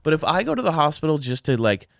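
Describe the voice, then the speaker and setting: Sarcastic young man, lively pitch. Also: quick pace, creaky, no room sound, studio quality. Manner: sarcastic, mock-incredulous, acts out scenes. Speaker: podcast co-host. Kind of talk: casual chat.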